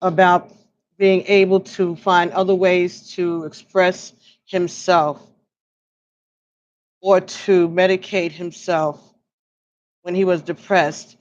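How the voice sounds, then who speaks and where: Slow, musing woman reading oracle cards. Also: lowish voice, lo-fi sound. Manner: slow, musing, pauses to listen. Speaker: oracle card reader. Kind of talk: livestream card reading.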